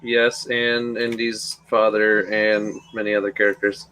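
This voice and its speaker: A man's voice: on the low side, flat delivery, a little slow, bright, forceful tone, clear, resonant tone, poor audio. Teasing man in a stream chat. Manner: teasing, jokey. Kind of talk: casual chat on a live stream.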